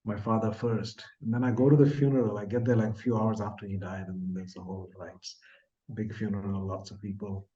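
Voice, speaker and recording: A man in his sixties from India, a podcast guest telling a personal story in an earnest, soft-spoken way that trails off at the ends of phrases. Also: fairly low pitch, level tone, a little fast, muffled recording. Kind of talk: reflective storytelling in an interview.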